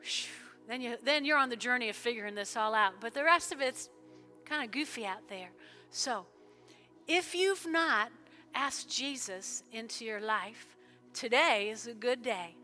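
A woman pastor preaching in a church service, fervent, with sudden loud bursts and soft prayerful stretches. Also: a little high, a little slow, faint music behind. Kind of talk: sermon with altar call prayer.

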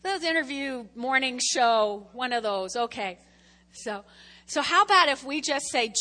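A woman delivers a casual, conversational sermon, her voice high and bright. She keeps checking in with the congregation as she goes. The sound rings with a long church-hall reverb. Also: animated, measured pace. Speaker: preacher.

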